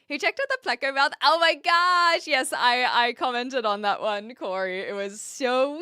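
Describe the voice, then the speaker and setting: Young adult woman, New Zealand accent, casual streamer chat, crisp and clear voice. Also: sits high, pushed and bright, no echo. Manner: chatty, reads chat aloud, frequent fillers and quick laughs.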